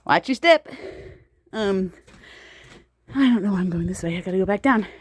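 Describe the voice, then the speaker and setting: A woman's voice: medium pitch, lively intonation, moderate pace, husky. A woman casually telling a personal story to camera while walking outdoors on an icy path, chatty and laughing often between phrases. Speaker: vlogger.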